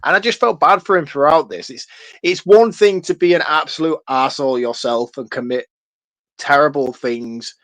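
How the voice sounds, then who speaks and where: A man's voice: a little high, moderate pace, fairly bright tone, dry recording. A man, chatting casually and animatedly as a podcast co-host, laughing and swearing freely. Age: 30s. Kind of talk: casual film-review chat.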